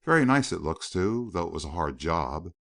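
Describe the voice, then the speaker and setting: A man's voice: low-pitched, big pitch swings, moderate pace, vocal fry, a bit bright, pitched below the performer's own voice, exaggerated voice. A man voicing a small, bland, obsequious undertaker's assistant. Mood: complacent.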